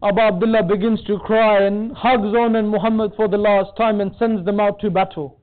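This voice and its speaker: A man's voice: high voice, fairly even intonation, moderate pace. A man giving a mourning sermon, narrating a tragic story and rising into a wailing, tearful chant. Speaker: majlis speaker. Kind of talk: mourning sermon with lamenting recitation. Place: community centre hall. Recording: tinny phone-like sound.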